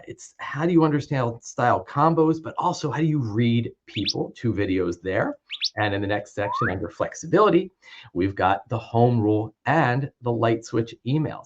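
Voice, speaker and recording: Casual male trainer on a lo-fi mic. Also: mid-range voice. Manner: conversational, informal. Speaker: trainer demoing his video series. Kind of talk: casual product walkthrough. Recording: dull lo-fi with clear background noise.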